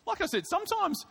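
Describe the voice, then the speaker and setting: A man preaching a sermon, telling a comic story in an animated way with quick asides. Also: very high-pitched, vocal fry. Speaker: pastor. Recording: reverberant hall.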